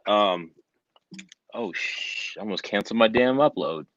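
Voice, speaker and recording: A man's voice: lowish voice, lively intonation, a little slow, fairly bright tone, lo-fi sound, a little hiss or hum. A man joining a live stream over a video call, chatting in a laid-back, offhand way. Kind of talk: casual chat.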